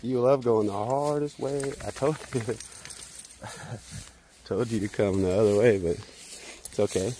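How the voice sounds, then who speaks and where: A man vlogging outdoors at a beach spot while walking his dog, calling to it in high, loud bursts and dropping to low asides. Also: steady tone, unhurried, pauses often, a little hiss or hum. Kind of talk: casual vlog chatter.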